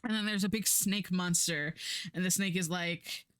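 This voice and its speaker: A woman's voice: fairly low pitch, steady tone, moderate pace, a bit bright, smooth. A young adult woman livestreaming, chatting casually in a rambling, sarcastic way with frequent laughter. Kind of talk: casual stream chat.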